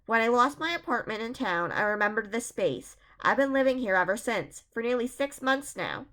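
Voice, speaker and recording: A woman reading the part of a hoarse, angry, middle-aged homeless man hiding in a school basement, in a storybook. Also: on the high side, big pitch swings, moderate pace, fairly bright tone. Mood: weary. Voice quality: hoarse whisper. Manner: angry, defensive.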